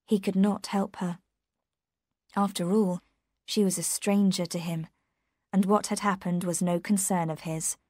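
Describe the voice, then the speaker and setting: Woman reading a graded reader slowly. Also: fairly low pitch, steady tone, dark tone, no echo, clean studio sound. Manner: slow, careful and clear. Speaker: narrator. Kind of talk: graded reader audiobook narration.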